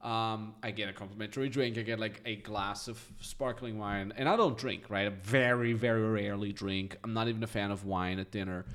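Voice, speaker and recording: A man in his thirties, from Austria, telling stories as a podcast guest in a lively, chatty way and acting out the voices of people in them. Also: lowish voice, brisk, few pauses. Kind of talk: casual storytelling.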